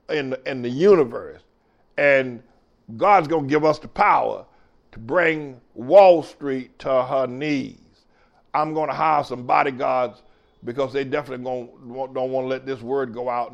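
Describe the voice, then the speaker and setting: An older man preaching a sermon, drawing out emphatic lines and rising to shouts. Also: a little high, creaky. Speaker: pastor.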